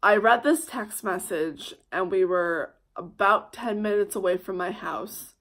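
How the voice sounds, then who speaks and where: A young woman vlogger telling a heated personal story, swearing often and swinging between loud outbursts and hushed asides. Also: mid-range voice, unhurried. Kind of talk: storytime vlog.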